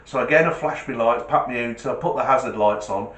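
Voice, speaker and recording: A middle-aged man telling a comic anecdote in an animated, self-mocking way. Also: mid-range voice, brisk. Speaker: storyteller, test driver. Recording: roomy echo.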